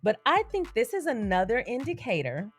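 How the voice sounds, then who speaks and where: A woman's voice: on the high side, very animated, normal speed, soft background music. A young adult woman hosting a casual commentary vlog, chatty, with slangy asides and frequent laughter. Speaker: YouTube commentary host.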